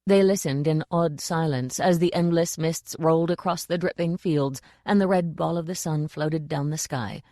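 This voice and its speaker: A woman narrating a fantasy novel as an audiobook reader, with a steady storytelling delivery. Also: sits low, moderate pace, few pauses, no echo, clean studio sound. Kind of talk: scripted narration.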